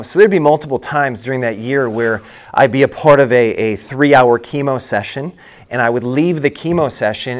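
A middle-aged lead pastor with a mid-range voice shares his own story during a conference breakout session. He's candid and conversational, frequently restarting his sentences.

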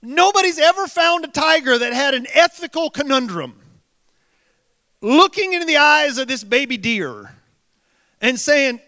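A man preaching a sermon in a very high, bright voice. He works the congregation with rhetorical questions and repeated phrases. His voice carries through the long reverb of a large hall. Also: very animated, a little slow. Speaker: pastor.

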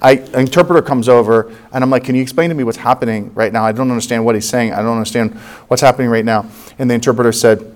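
A man in his forties, from the United States, preaching by telling a story from his own life. He acts out each person's lines and laughs at the funny parts. His voice sits at an ordinary middle pitch. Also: steady tone, fast talker. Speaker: pastor. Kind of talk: sermon storytelling.

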